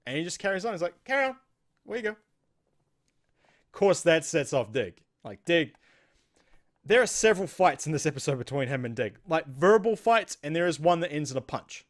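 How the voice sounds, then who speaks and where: A man with a New Zealand accent talks through a TV episode in a loose, rambling way. His voice sits a little higher than most men's. He slips into the characters' lines as he retells the scenes. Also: very animated, normal speed. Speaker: host. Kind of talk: casual TV episode recap.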